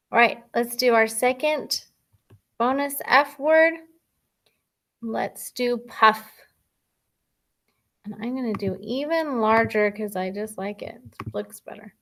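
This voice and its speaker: Slow, patient woman teaching phonics. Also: on the high side, a bit bright. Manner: slow, patient, thinking aloud while writing. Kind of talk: recorded phonics lesson for children.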